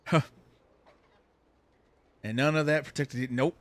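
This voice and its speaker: A man's voice: medium pitch, steady tone, unhurried, pauses often, dry recording. A man streaming a game, ranting heatedly with lots of swearing. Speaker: gaming streamer. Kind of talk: ranting commentary while playing a game.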